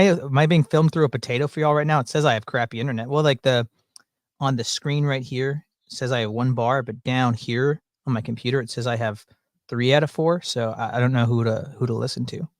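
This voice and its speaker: A man talks casually to his viewers from home, joking and wandering between topics in a folksy manner. His pitch sits in an ordinary middle range. The room sound is dry, with the mic close. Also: steady tone, a little fast, dry recording. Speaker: livestream host. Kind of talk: casual livestream chat. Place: at home, indoors. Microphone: desk mic through mixer with headphones.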